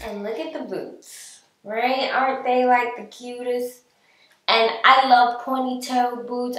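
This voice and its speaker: A woman's voice: on the high side, a bit bright, far from the mic. A woman vlogger chatting casually through a clothing try-on haul, bubbly and talkative, laughing often. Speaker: fashion vlogger. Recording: echoey room, voice a bit off-mic.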